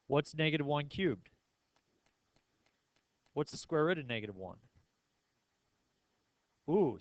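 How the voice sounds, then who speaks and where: A man teaching a math lesson with a slightly high voice, recorded close and dry. He keeps quizzing his listeners and makes little jokes as he goes along. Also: a bit bright, dry recording, highs cut off. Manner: playful, asks the class many questions. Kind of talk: classroom lecture.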